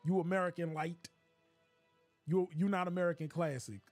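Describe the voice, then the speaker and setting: A man streaming a game, riffing in a joking, animated rant with laughs. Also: high-pitched, moderate pace, no room sound, soft background music. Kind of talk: casual comedic commentary while gaming.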